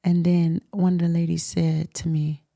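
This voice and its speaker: Woman, slightly low pitch, candid interview, emphatic, laughs a lot. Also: normal speed, creaky, no room sound, clean studio sound. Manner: animated, laughs often, emphatic. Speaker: host.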